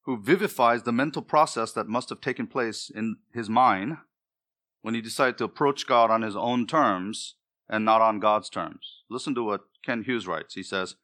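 Bright-voiced male preacher, emphatic. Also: lowish voice, moderate pace. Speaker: pastor. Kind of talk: sermon.

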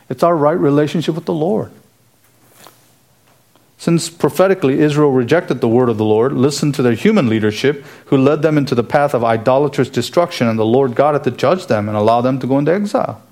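A man delivers an earnest, expository sermon in a voice of ordinary middle pitch. He works through a passage verse by verse and presses his points with emphatic rhetorical questions. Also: brisk, darkish tone. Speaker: preacher.

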